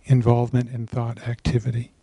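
A man's voice: medium pitch, completely flat delivery, brisk, creaky, mellow, slightly rough. A man asking his teacher a question about reading, speaking tentatively and searching for words.

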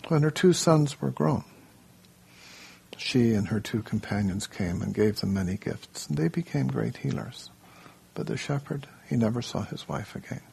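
A man leading a workshop, telling a story in an unhurried way, then giving a group plain instructions in a room. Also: medium pitch, lively intonation, creaky, mellow, slightly rough. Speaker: workshop leader.

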